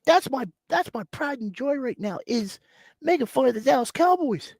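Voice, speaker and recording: A man's voice: very high-pitched, normal speed, dry recording. A man hosting a live sports stream, ranting and mocking rival teams while sick with a cough. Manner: animated, mocking, mimics players. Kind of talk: casual live-stream rant.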